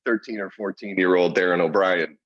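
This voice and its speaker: A man's voice: sits low, steady tone, brisk, highs cut off, a crowd in the background. A man co-hosting a podcast in casual chat, rambling and restarting his sentences and laughing often. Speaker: podcast co-host.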